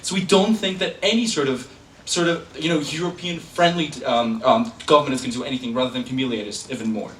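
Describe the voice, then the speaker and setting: A young man giving a competitive debate speech in a hall, quick and sarcastic, drawing laughs from the room. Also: medium pitch, fairly bright tone. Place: lecture hall. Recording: echoey hall, distant mic, faint room noise.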